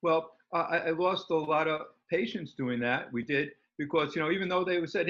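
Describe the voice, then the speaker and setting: A man's voice: a little high, fairly quick, hardly any pauses, fairly bright tone. A man guest in an interview, talking about healing in an enthusiastic, rambling way with many fillers. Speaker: guest, natural healing practitioner. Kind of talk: casual interview talk. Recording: slightly dull lo-fi audio.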